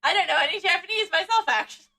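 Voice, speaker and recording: A woman's voice: very high voice, expressive, fast, sharp tone, poor audio. A woman streamer giving playful, giggly commentary during a live game playthrough.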